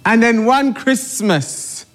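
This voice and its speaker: A man's voice: very high voice, slow, a bit bright. A middle-aged man preaching a sermon with emphatic, repetitive exhortation.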